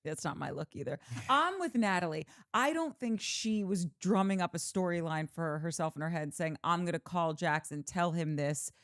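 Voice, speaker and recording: A woman's voice: on the low side, smooth, dry recording, studio quality. A woman co-hosting a podcast, recapping a reality show scene with wry, giggly asides. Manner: wry, giggly, quick to laugh. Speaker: podcast co-host. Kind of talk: casual reality-TV recap chat.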